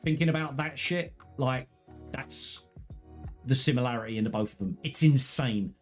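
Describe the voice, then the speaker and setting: A man with a mid-pitched voice talks casually to his live-stream audience. He is candid and earnest, rambling through personal stories with restarts and asides. Faint music plays behind him. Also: normal speed. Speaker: gaming streamer.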